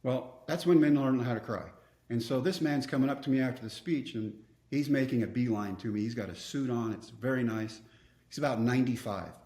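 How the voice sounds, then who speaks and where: A man's voice: medium pitch, fairly quick, mellow, echoey room. A man, telling personal stories earnestly as a podcast guest. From Texas. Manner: earnest, reflective storyteller. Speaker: guest speaker. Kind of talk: storytelling interview.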